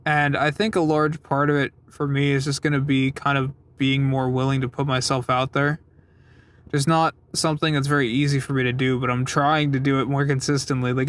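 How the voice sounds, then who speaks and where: A young man rambling through a casual, self-deprecating vlog from his car, recorded on a phone. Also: mid-range voice. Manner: rambling, self-deprecating, lots of fillers and swearing. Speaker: vlogger. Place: parked car.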